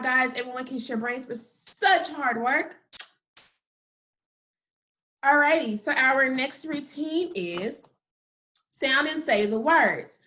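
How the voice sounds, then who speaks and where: A woman's voice: high voice, fairly bright tone. A woman kindergarten teacher giving a recorded phonics lesson, stretching out sounds one at a time and praising the children often. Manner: slow, exaggerated sound-by-sound modeling with upbeat praise.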